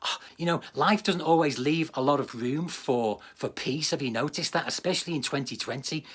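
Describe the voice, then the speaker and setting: A man's voice: on the high side, moderate pace, fairly bright tone, breathy edge. A man preaching a livestreamed sermon, earnest and direct, often repeating words for emphasis. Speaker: pastor.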